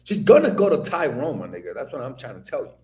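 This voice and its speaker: A man from the Dominican Republic giving a blunt, profane commentary monologue, with animated storytelling. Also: medium pitch, quick pace, reverberant. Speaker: video commentator.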